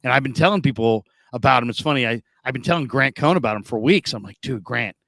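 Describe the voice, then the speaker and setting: A middle-aged sports talk host with a gravelly, bright voice pitched a little high, spinning animated stories and stumbling over restarts as he goes. The sound is close and dry, with no room around it. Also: fast, no room sound. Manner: animated, stammering restarts, lively storyteller. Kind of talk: casual storytelling and sports talk.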